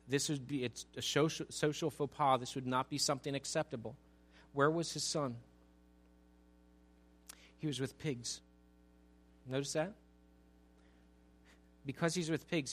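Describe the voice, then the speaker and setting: A male pastor with a medium-pitched voice delivers a conversational sermon, tossing asides to the congregation before building to an emphatic, raised delivery.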